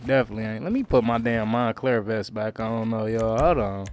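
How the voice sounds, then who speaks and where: A man streaming a crime roleplay game, talking in character to his viewers in heavy slang and frequent swearing, swinging between low grumbles and loud outbursts. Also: fairly quick. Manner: slangy, swears a lot, keeps calling out to viewers.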